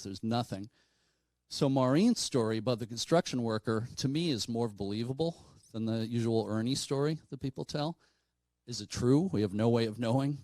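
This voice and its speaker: A man's voice: medium pitch, darkish tone, no room sound, low-quality recording. A man from New telling a ghost story to an audience in a conversational way, with frequent fillers and asides. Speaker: paranormal speaker.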